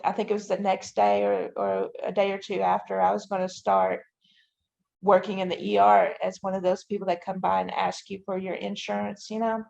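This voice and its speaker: A woman's voice: mid-range voice, normal speed, vocal fry, darkish tone. A woman guest on a podcast, giving a detailed personal account and often using "you know" and "I'm like". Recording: dull, lo-fi audio.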